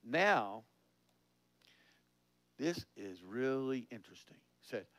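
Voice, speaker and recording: A man preaching a conversational sermon, laughing often and asking his listeners questions, rising in pitch and volume on key points. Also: lively intonation, takes it slowly, a bit bright, no echo.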